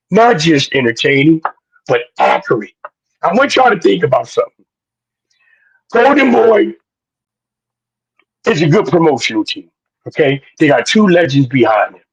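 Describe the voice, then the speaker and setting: A man co-hosting a boxing podcast, loud and preachy, full of slang, sometimes shouting. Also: on the high side, breathy edge, dull audio. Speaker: podcast co-host. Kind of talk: animated boxing talk.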